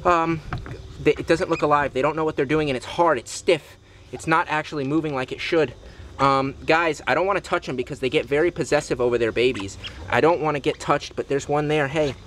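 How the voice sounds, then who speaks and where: A man's voice: a little high, fairly quick, fairly bright tone, a little hiss or hum. A man who runs a zoo, vlogging from an outdoor animal enclosure and telling viewers about a sad loss. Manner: saddened, addresses viewers as guys.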